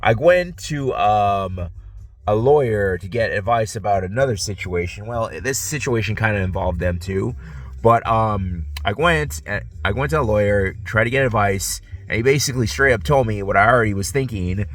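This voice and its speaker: A drowsy male vlogger with a stuffy nose rambles through a profane, casual monologue packed with fillers and restarts, recorded outdoors on a phone. His voice is lowish and fairly bright, animated, at a moderate pace.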